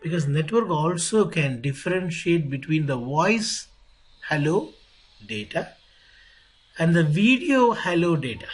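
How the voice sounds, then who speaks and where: A man teaching networking in an online lecture. He speaks deliberately, repeats key phrases and asks rhetorical questions. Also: fairly high pitch, very animated, husky, low-quality recording. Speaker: networking instructor.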